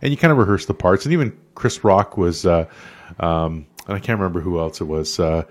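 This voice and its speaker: A man's voice: low voice, brisk. A man co-hosting a podcast in casual chat, blunt and swearing freely, acting out the quotes in his stories. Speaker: podcast co-host.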